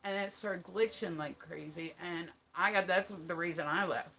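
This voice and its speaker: A woman's voice: fairly low pitch, moderate pace, pushed and bright, slight background noise. A woman with a New Jersey accent chatting casually on a livestream, rambling, laughing often and swearing casually. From United States. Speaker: live streamer. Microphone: phone.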